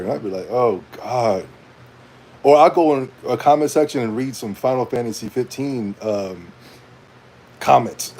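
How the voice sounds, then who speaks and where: A young man rants casually to camera in a fairly high voice, wandering from point to point. He talks in loose slang and breaks into laughter often. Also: darkish tone. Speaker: gaming commentator.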